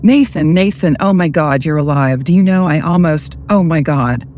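A woman's voice: low voice, lively intonation, moderate pace, a little mellow, slight background noise. A woman voicing a shaken older small-town mortician who stammers in a fluster.

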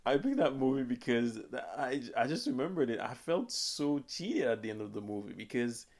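Young male podcast host with a gravelly voice, mid-pitched, loose and rambling delivery. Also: sing-song, moderate pace, a little mellow. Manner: rambling, laughs often, restarts. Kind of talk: casual chat.

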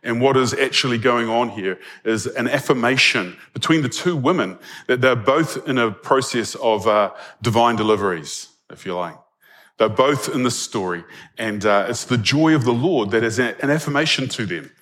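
A pastor preaches a conversational sermon, often checking in with listeners and chuckling between points. His voice is medium in pitch, fairly bright, at a normal speed.

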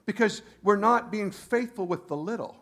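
High-pitched guy preaching, animated, goes loud then quiet, lots of restarts. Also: normal speed. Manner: animated, swings from loud emphasis to quiet asides, frequent restarts. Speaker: pastor. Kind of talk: sermon.

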